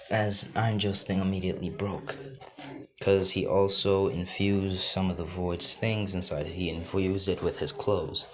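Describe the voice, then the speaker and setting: A man improvising a fan fiction story, rambling in run-on sentences strung together with "as". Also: low voice.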